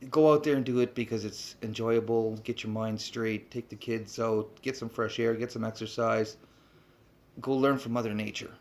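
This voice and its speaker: Blunt, animated man lecturing. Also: mid-range voice, moderate pace. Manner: blunt, animated, swears, many rhetorical "okay?"s. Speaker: trapping instructor. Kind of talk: blunt off-the-cuff talk to camera.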